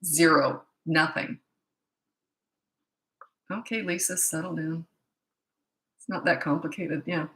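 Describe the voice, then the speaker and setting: A woman's voice: lowish voice, normal speed, pauses often, sharp tone, reverberant. A woman parenting coach giving blunt, emphatic advice in a casual monologue, repeating her points for stress.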